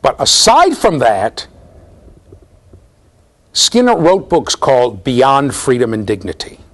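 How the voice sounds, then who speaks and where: A middle-aged man giving a university lecture, animated and storytelling, often checking in with the class. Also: medium pitch, takes it slowly. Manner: animated storytelling, mimics voices, asks the class "right?". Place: lecture hall.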